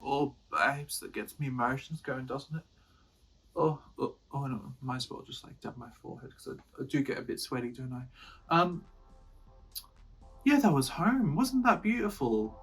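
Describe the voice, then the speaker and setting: A man's voice: medium pitch, animated, normal speed, fairly bright tone, husky. A young man from Australia chatting casually to camera, playful and rambling, with lots of flustered restarts. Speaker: YouTuber and songwriter. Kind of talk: casual vlog talk.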